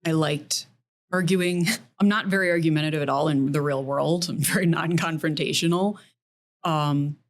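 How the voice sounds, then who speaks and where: A middle-aged woman with a low, grounded voice talks as a guest on a casual podcast. She is a criminal defense attorney and speaks earnestly, often stringing points into quick lists. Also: steady tone. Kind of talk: casual interview chat.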